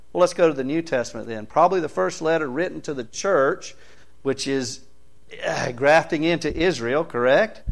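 A man preaching a sermon, reading scripture aloud and pressing his points with rising, emphatic bursts. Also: medium pitch.

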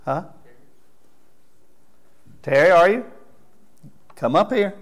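A man's voice: high voice, expressive, slow pace. A man preaching as pastor in a church, talking conversationally and calling out members of the congregation by name before closing in prayer. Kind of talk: sermon with congregation recognition. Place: church sanctuary.

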